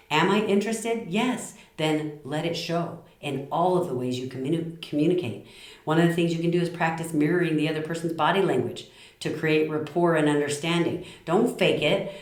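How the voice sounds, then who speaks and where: Middle-aged woman, low voice, passionate talk to camera in an echoey room. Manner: passionate, lively, acts out little quoted lines. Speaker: speaker giving communication tips.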